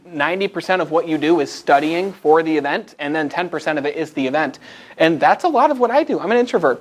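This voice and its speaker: An upbeat American man presents to a room full of people, bright and engaging. His voice sits a little high for a man, and he shifts easily between chatty asides and direct questions to the crowd. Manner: energetic, conversational, invites the audience. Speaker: motivational speaker. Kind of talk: live presentation to a group. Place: meeting room with a live audience.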